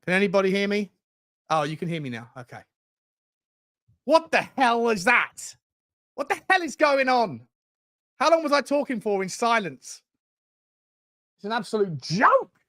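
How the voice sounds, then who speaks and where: Ranting high-voiced football fan host. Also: male voice, sing-song, moderate pace, pauses often, a bit bright. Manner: exasperated, ranting and chatty. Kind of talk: live watchalong commentary.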